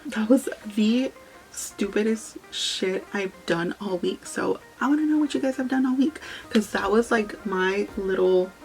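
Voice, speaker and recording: A woman's voice: medium pitch, measured pace, gravelly, darkish tone, soft background music, low-quality recording. A young woman chatting casually through a makeup tutorial, telling a story and swearing freely. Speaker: beauty vlogger.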